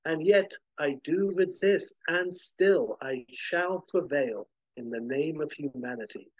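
A man's voice: fairly high pitch, slow pace, no echo, highs cut off. A man voicing a stoic male superhero who speaks tersely and steadily, with dry wit. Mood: firm.

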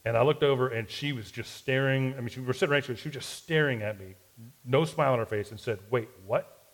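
A man's voice: medium pitch, fast talker, poor audio. A man in his forties telling a self-deprecating personal story in a sermon-style podcast, with a Southern US accent. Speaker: pastor.

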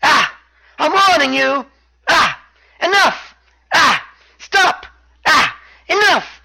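A man voicing a shouty, sneering wrestling champ. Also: extremely high pitch, a little fast, voice pushed up, low-quality recording. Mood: shouting. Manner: shouting, mocking, condescending. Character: arrogant taunting male wrestling champion.

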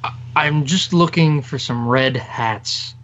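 A man's voice: mid-range voice, slow, fairly bright tone, muffled recording. A man playing a tabletop game in character as a vain, self-important hero. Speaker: player.

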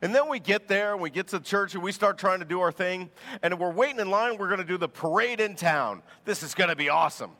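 A man preaching a sermon as pastor, telling stories in an animated way and laughing as he goes. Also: high-pitched, fast talker, long reverb tail.

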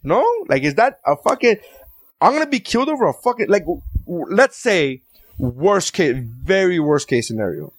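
A man in his thirties co-hosting a podcast, ranting in animated, profane casual chat. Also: fairly high pitch, normal speed, breathy edge, no room sound. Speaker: podcast co-host.

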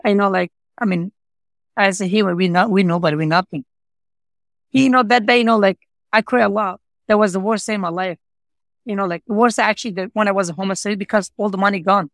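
A man's voice: high-pitched, steady tone, a little fast, fairly bright tone, no room sound. A man guest telling his personal story in earnest, non-native English with broken grammar, filling his talk with "you know, like" and repeating himself. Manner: earnest, repetitive, heartfelt. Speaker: interview guest, pizza shop owner.

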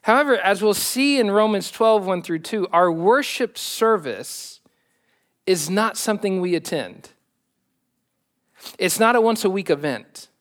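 A man's voice: sits high, animated, measured pace, fairly bright tone. A male pastor delivering a sermon with self-deprecating humor.

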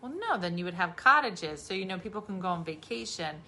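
A woman's voice: lowish voice, big pitch swings, brisk, pushed and bright. A middle-aged woman from New Jersey, a comedian, chatting casually with her kid in a dry, teasing, sarcastic way. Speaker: comedian and podcast host.

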